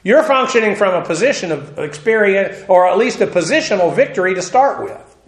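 A man preaching an expository sermon, explaining Greek words and spelling them out letter by letter, with frequent "uh" pauses. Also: high voice, lively intonation, echoey room, poor audio. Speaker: pastor teaching a Bible study.

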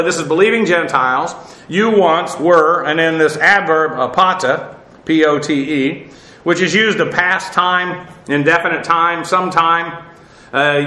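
Male Bible teacher, methodical, spells Greek words aloud, lots of "uh"s; bright tone, echoey room. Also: fairly high pitch. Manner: frequent "uh" fillers and restarts.

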